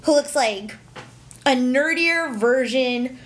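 A young woman co-hosting a casual chat, telling an animated, exasperated story and swearing often. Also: sits high, takes it slowly.

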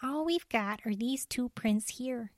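A woman's voice: a little high, measured pace, no echo, clean studio sound, pitched above the performer's own voice, close to an everyday voice. A woman voicing a practical female forest ranger who talks in a wry, matter-of-fact way.

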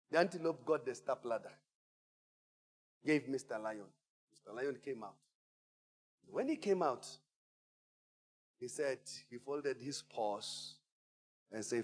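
A man preaching a sermon as pastor, an animated storyteller who swings from hushed asides to shouts and calls on the congregation. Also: medium pitch, takes it slowly, pauses often, breathy edge. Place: church auditorium. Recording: church hall reverb.

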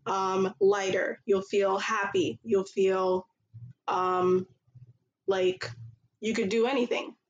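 A woman's voice: medium pitch, steady tone, slow pace, muffled recording. A woman hosting a podcast, talking earnestly in casual chat with many fillers. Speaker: podcast host.

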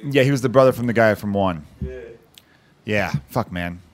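A man's voice: fairly low pitch, normal speed, a little hiss or hum. A man in his thirties hosting a podcast, chatting loosely with heavy swearing and rambling stories. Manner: loose, profane, rambling storytelling. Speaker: podcast host. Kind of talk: casual podcast chat.

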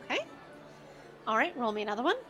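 Bright-voiced woman running a tabletop game. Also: fairly high pitch, fast, highs cut off, faint music behind. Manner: animated, laughing often, loose fillers. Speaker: game master.

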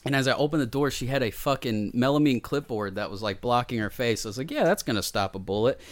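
A man telling a crude story in casual chat, profane and animated, acting out the voices he quotes. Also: mid-range voice, quick pace, no room sound.

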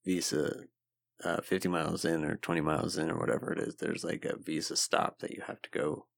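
A man chatting on a casual true-crime podcast, his voice very low and gravelly with plenty of fry. He tosses in offhand jokes, and the sound is close and dry. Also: little pitch movement, brisk, no room sound. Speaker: podcast co-host.

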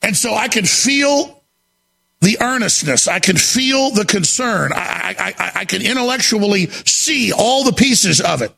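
Man, frantic radio host monologue, raspy husky voice, shouts often. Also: sits high, lively intonation, unhurried. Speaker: radio talk show host. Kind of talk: impassioned on-air monologue.

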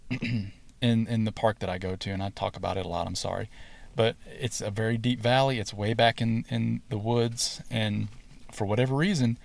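A man's voice: fairly low pitch, creaky. A man hosting a spiritual podcast, talking casually with many fillers and restarts. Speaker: podcast host.

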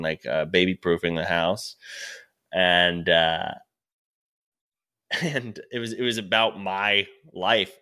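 A man with a low-set voice and a bright, forceful tone tells stories in a loose podcast chat. He rambles, restarts his sentences, swears freely and laughs through his own stories. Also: clean tone. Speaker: stand-up comedian guest.

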